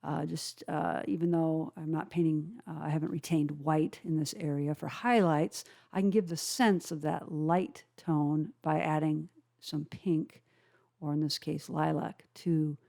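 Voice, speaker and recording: A watercolor instructor with a low, mellow voice and some vocal fry narrates a calm painting tutorial at an unhurried pace. Keeping a steady tone, she explains each brushstroke step by step and often pauses with "uh" as she works.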